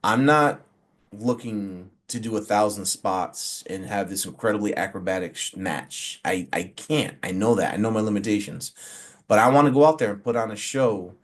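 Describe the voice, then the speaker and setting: Animated forty-year-old man telling stories. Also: lowish voice, moderate pace. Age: 40s. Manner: animated storyteller who acts out quotes, many fillers. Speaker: pro wrestler and referee guest. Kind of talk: casual interview storytelling.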